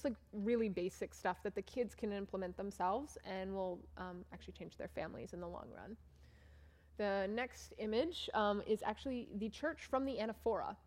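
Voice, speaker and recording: Showing slides to a church audience, a young woman from Maine, USA, tells a chatty, self-deprecating story about her mission trip. It's casual storytelling, delivered in a mid-range, somewhat mellow voice.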